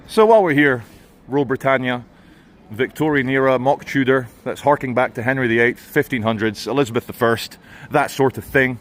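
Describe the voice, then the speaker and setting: A man with a British English accent doing a walking vlog outdoors on a town high street, ranting sardonically with wry asides. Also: fairly quick. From England. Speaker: vlogger.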